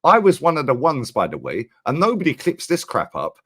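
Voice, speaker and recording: A Londoner in a heated football debate, talking over the other side. His pitch moves a lot as he presses his point. He leans on slang and quick repeats. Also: huge pitch swings, slightly rough. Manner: forceful, interrupts, repeats words and slang. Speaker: guest Arsenal fan.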